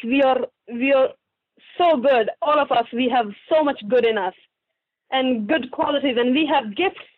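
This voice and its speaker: Young woman, high voice, earnest and halting, tinny phone-line sound. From Pakistan. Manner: earnest, heartfelt, with frequent restarts. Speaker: guest author. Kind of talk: interview answers over a remote line.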